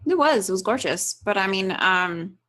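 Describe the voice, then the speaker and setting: A woman's voice: medium pitch, expressive, normal speed, a bit bright. A woman co-hosting a gaming podcast, speaking hesitantly and trailing off. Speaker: podcast co-host. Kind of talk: casual chat.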